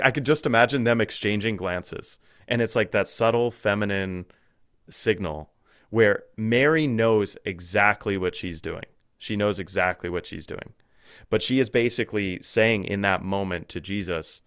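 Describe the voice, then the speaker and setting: Low, smooth-voiced man musing aloud. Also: a little slow, a bit bright, no room sound, studio quality. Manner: thoughtful, with frequent restarts and fillers. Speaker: podcast guest. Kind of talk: casual spiritual conversation.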